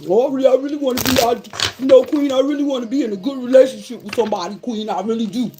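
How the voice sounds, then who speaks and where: A woman voicing a rambling, self-pitying grown man who stammers and fills every pause with fillers. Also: fairly high pitch, fairly even intonation, noisy background, lightly acted. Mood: whiny. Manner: hesitant, stammering, full of fillers.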